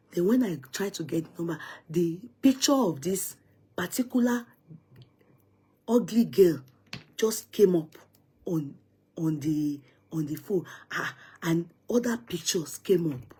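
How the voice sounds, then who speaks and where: Husky nigerian lady vlogging, dramatic storyteller, whispers then gets loud. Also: lowish voice. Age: middle-aged. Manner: animated, dramatic, drops to hushed whispers and swings to loud outbursts. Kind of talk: emotional personal storytelling.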